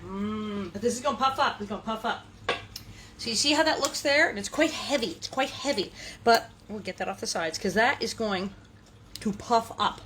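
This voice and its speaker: In a kitchen with a noisy background, a woman with a medium-pitched voice hosts a casual cooking demonstration. She's chatty and playful, breaking into sing-song asides.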